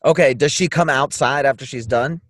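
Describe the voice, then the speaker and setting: A man playing a tabletop role-playing game, shouting and laughing in character. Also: medium pitch, fairly quick, dry recording, studio quality. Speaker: player.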